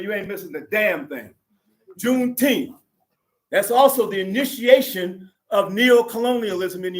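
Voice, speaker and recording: A man's voice: sits high, roomy sound, far from the mic, poor audio. An older man giving an impassioned, fiery conference speech, calling out to the audience as sisters and brothers in a preacherly way. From United States. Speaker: conference speaker, activist.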